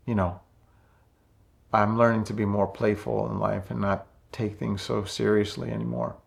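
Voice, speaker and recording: A man in his fifties, talking slowly and softly with many pauses in a reflective personal monologue about his spiritual path. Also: fairly low pitch, vocal fry. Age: 50s. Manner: slow, soft-spoken and introspective, with many pauses. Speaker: spiritual vlogger.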